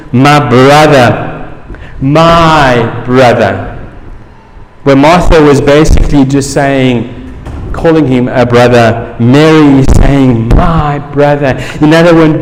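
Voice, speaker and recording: A man preaching a sermon as pastor, slow and emphatic, repeating phrases for weight. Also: on the high side. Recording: long hall reverb, faint noise.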